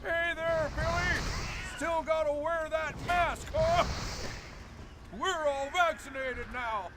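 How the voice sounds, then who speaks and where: An actor voicing a rowdy, crude old grandpa in a cartoon, loud and mocking. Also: sits high, slow pace, background noise. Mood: crowing. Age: older. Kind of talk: animated cartoon voice acting. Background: music.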